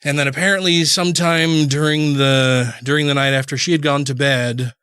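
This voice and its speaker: A man's voice: fairly high pitch, steady tone, normal speed, fairly bright tone, clear, resonant tone, no room sound, studio quality. Rambling man telling a story on a podcast. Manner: rambling, many restarts and "you know"s. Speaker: podcast co-host. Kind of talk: casual storytelling.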